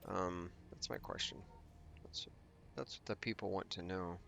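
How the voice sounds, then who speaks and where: A man's voice: low voice, fairly even intonation, measured pace, vocal fry, fairly bright tone. A man hosting a let's play, giving casual gameplay commentary and thinking aloud as he rambles through his plans with restarts and asides.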